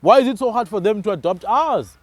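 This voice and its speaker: A man's voice: sits high, expressive, a little fast, dry recording. A South African man hosting a casual discussion, talking emphatically and often tagging his phrases with "man". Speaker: podcast host.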